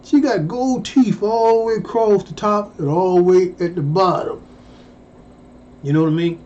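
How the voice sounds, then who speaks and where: A man telling true stories in a casual, profane monologue, jumping to loud, high exclamations. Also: fairly even intonation, moderate pace. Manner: exclaims loudly, jumping high in pitch and swearing. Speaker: storyteller vlogger. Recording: dull lo-fi recording.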